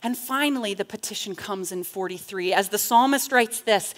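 A woman giving a reflective Bible talk, reading psalm passages with feeling and often asking "right?". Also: medium pitch. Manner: slow, earnest, with frequent rhetorical "right?"; reads psalm passages with rising intensity. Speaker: teacher in a church class.

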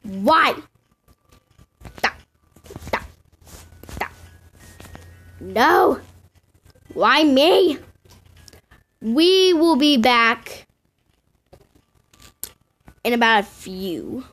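A woman giving casual game commentary to her viewers in an excitable way, often squealing and gasping. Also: high voice, very slow, long pauses. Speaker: gaming video host.

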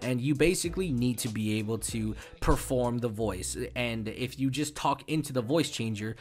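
A man's voice: mid-range voice, normal speed. Rambling, swearing young male YouTuber. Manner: rambling and profane, with frequent stumbles and fillers. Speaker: YouTube gaming host. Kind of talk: casual tutorial.

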